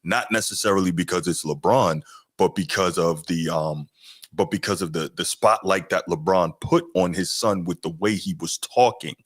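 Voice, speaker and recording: A man's voice: low-pitched, moderate pace, slightly rough, no room sound, clean studio sound. A male podcast host giving casual live reaction commentary, talking conversationally and reading chat comments aloud.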